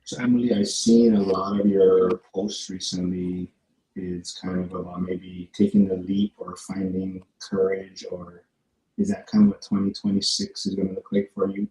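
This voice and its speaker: A man hosting a casual live chat and reading viewer comments, with a soft, low, sultry late-night DJ sound and a distracted, stop-start way of talking. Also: moderate pace, vocal fry. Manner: distracted, catching up, restarting sentences. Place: remote connection, away from the others. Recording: echoey remote line with static.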